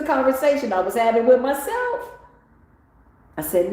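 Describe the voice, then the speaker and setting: A woman giving a motivational spiritual talk on a livestream, animated and swinging up into excited exclamations. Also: lowish voice, a little fast. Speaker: spiritual tarot reader. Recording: very echoey room with faint ambient noise.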